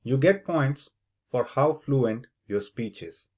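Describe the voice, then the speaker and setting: A man's voice: medium pitch, expressive. A man teaching as an English test tutor, explaining the speaking task step by step and saying example words aloud to show where the stress goes. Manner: slow, deliberate, demonstrates word stress aloud. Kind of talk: instructional explanation.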